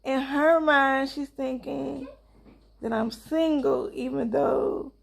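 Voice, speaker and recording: Woman vlogger, young mom, high voice with vocal fry, chatty storyteller, talks to viewers directly. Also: fairly even intonation, slow pace. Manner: chatty, addresses viewers as y'all, acts out dialogue. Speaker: vlogger and mother. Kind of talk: casual storytelling to camera.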